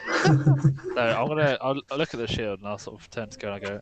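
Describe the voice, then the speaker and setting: A man's voice: mid-range voice, quick pace, a bit bright, low-quality recording. A man playing a tabletop game, playful and laughing. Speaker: player.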